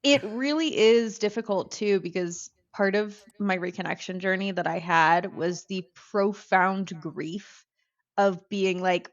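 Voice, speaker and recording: An American woman talking casually as a podcast guest, lively and acting out other people's voices as she tells things. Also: mid-range voice, a little slow. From United States. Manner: animated, acts out quoted voices. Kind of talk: casual conversation. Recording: slightly dull lo-fi audio.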